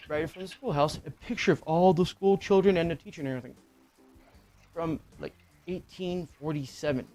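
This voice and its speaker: A man's voice: on the high side, a little mellow. A middle-aged man co-hosting a casual talk show, telling a personal ghost story in a rambling, profane way with lots of filler words. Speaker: podcast co-host.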